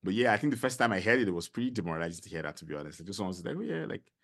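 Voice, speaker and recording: A middle-aged man with a Nigerian accent, a podcast guest telling stories in a casual interview, animated and full of fillers. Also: sits low, very fast. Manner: animated storyteller, many fillers.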